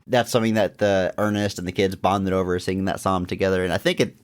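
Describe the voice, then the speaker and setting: A man's voice: low voice, little pitch movement, fast talker. A man co-hosting a podcast, chatting casually about an old comedy film and laughing often. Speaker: podcast co-host. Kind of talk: casual movie discussion.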